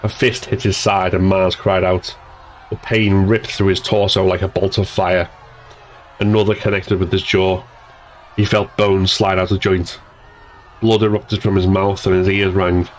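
A man narrating an action scene as a scripted audiobook reading, in a steady, measured way. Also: sits low, low-quality recording.

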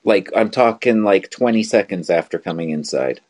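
A man's voice: low-pitched, lively intonation, normal speed, a little mellow. A man co-hosting a casual live show from his bedroom, telling rambling stories in an easygoing way. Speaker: co-host.

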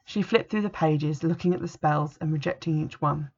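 A woman's voice: low-pitched, moderate pace, gravelly, a little mellow, slightly rough. A woman reviewing a book and reading an extract aloud in a plain, matter-of-fact way. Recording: dull lo-fi recording.

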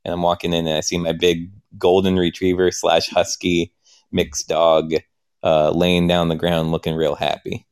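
A man's voice: deep voice, monotone, smooth. A man playing along in an improvised story game, narrating his own actions with hesitant restarts and questions. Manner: halting, questioning, self-narrating. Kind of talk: improvised role-play.

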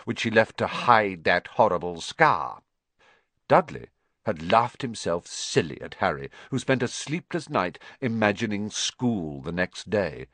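A man reading a children's novel aloud as an expressive, measured audiobook narrator. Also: on the low side, no room sound. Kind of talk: scripted storybook narration.

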